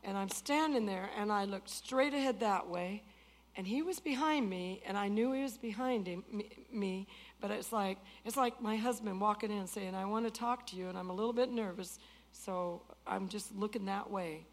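A woman in her sixties preaching a testimony, swinging from loud outbursts to hushed tones. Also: medium pitch, normal speed. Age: 60s. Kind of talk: sermon testimony.

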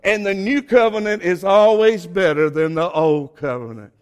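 A Southern-accented man preaching with a notably high voice. His delivery is folksy and fervent. He drags out key phrases and lifts them to ringing peaks. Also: moderate pace, smooth. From Southern United States. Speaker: pastor. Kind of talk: sermon.

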